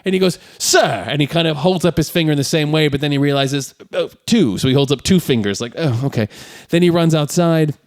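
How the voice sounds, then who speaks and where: A man's voice: fairly high pitch, quick pace, hardly any pauses, dry recording, studio quality. Man animatedly retelling a movie scene. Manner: animated retelling, acting out characters' lines. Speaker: podcast co-host. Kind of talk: casual movie recap chat.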